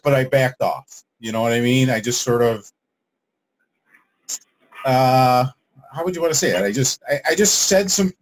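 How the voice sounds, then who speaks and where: A man telling a personal story to a coach, rambling and halting with many fillers. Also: mid-range voice, low-quality recording. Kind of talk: casual storytelling.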